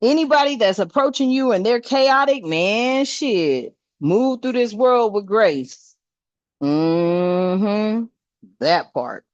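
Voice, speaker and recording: A woman's voice: mid-range voice, expressive, slow, a little mellow, dry recording. Blunt, salty older woman on a dull, dry mic. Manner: salty, blunt and preachy, full of swearing and asides to "family". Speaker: spiritual channel host. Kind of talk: casual spiritual vlog talk.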